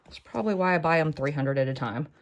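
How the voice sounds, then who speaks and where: A woman talks through a sewing project in a loose, chatty way. She drifts into self-mocking asides and silly jokes. Her voice sits a touch low for a woman. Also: fast, dull audio. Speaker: sewing tutorial host. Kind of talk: casual chatty craft tutorial.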